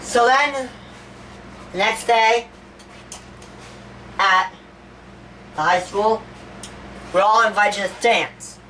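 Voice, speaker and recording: A woman's voice: mid-range voice, extremely slow, long pauses, bright, forceful tone, distant mic, slight background noise, pitched above the performer's own voice, low-quality recording. A woman voicing a grieving young man who gives a rambling, stammering eulogy in a homemade toy-figure animation. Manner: stammering, repeats words, rambling. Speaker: eulogy speaker.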